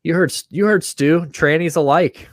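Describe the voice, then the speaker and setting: On the high side and at normal speed, a man's voice comes through a dry recording as he co-hosts a podcast. He tells stories in casual banter, loose and profane, animated and full of laughter.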